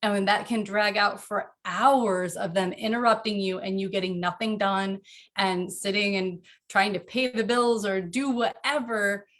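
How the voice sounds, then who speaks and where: A woman talking earnestly about parenting in a casual interview from home, animated and quick to laugh. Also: medium pitch. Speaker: podcast guest, author.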